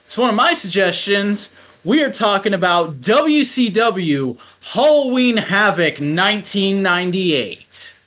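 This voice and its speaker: Lively, profane podcast host. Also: male voice, sits high, measured pace. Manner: loose and profane, animated. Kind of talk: casual podcast chat. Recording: dull lo-fi sound.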